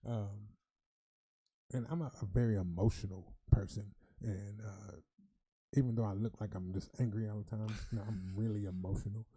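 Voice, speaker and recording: A low, husky man chats casually into a dry studio mic. His tone is dark and mellow, and he talks in emotional bursts, going loud and animated when he tells a story. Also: normal speed, dry recording. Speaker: podcast co-host. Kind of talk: casual podcast chat. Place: podcast studio.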